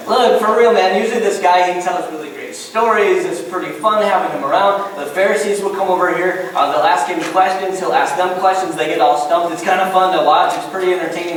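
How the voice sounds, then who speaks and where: A man preaching a sermon as a pastor, animated and acting out little scenes in different voices. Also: sits high, fast, a little hiss or hum. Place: church sanctuary. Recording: echoey church hall from far off.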